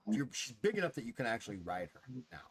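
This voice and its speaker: A man's voice: mid-range voice, very animated, fast talker, slightly rough. A man narrating as game master of a tabletop role-playing game, rambling and playful with many restarts.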